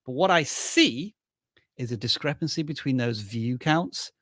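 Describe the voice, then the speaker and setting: A man's voice: mid-range voice, expressive, measured pace, a bit bright, dry recording, studio quality. A man co-hosting a live stream in casual chat, playful and thinking aloud. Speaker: livestream co-host.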